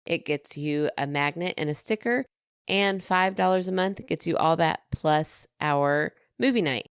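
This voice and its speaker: Woman, podcast co-host, casual chat, rambling, smooth clear voice, dry close sound. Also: sits low, a little slow, no echo. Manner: chatty, rambling plugs with fillers.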